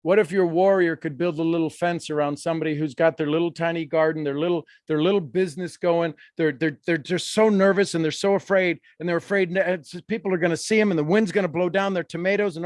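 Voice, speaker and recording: A man with a fairly high voice leads a live workshop session. He teaches in an animated way, slipping into quoted voices and laughing as he goes. The sound is close and dry. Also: fast, hardly any pauses, no room sound. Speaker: coach.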